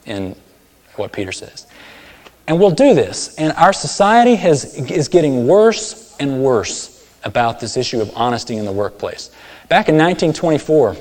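A man preaching a sermon, telling stories and acting out characters with sudden loud, high outbursts. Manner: storytelling, acts out voices with big swings in pitch and volume. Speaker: pastor. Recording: long hall reverb.

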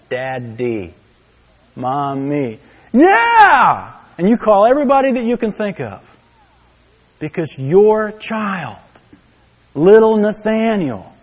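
A man preaching a sermon, telling a story to his listeners, dropping to a hush and then rising to exclaim. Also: sits high, animated, measured pace, long reverb tail. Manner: storytelling, swinging from hushed to exclaiming. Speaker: pastor.

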